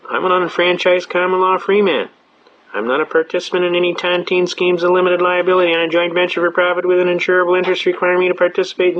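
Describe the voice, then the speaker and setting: A middle-aged man telling a story at a fast clip, acting out the voices of police and a judge in a lively storytelling speech. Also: sits high. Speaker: speaker telling a courtroom story. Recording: dull lo-fi recording.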